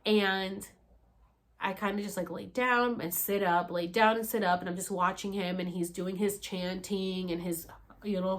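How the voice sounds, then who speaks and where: A young woman vlogger telling a story in a casual way, filling it with "like" and acting out what people said. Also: a little hiss or hum. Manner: animated, acts out quotes with big pitch jumps, says "like" a lot.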